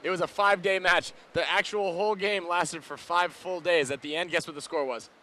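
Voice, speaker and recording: A man's voice: sits high, steady tone, fairly quick, pushed and bright. A man doing live paintball commentary, chatty and joking with his co-host.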